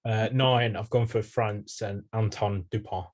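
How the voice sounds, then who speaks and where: A young man with a fairly low voice, co-hosting a relaxed podcast chat. He answers in short, dry lines and keeps the running order moving. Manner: dry, brisk, moves things along. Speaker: podcast co-host. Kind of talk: casual banter.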